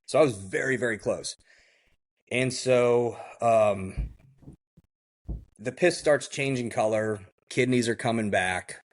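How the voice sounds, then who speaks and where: A man's voice: medium pitch, slow, long pauses. A man guest on a podcast, telling a story casually in the first person with blunt, vivid detail and many fillers. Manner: vivid, blunt retelling that acts out the quoted dialogue; frequent fillers like "like" and "I go".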